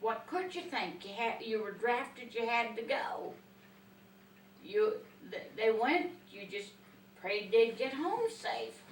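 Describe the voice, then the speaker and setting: An older woman telling family memories slowly and reflectively in an oral history interview. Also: a little high, very animated, slight background noise. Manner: slow, reflective storytelling. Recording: echoey room, distant mic.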